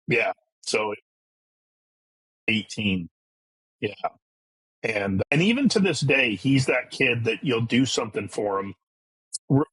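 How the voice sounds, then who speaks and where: A man's voice: mid-range voice, a bit bright, breathy edge, low-quality recording. A man, a podcast guest, telling an emotional story about his family in a candid, conversational way, often quoting the people in it. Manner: emotional, candid, quotes his son in dialogue.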